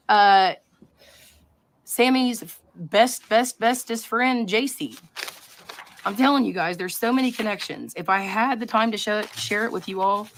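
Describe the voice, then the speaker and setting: A woman's voice: fairly high pitch, slight background noise. A woman hosting a live stream, talking to her chat in a rambling, conspiratorial way and often interrupting herself. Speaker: livestream host.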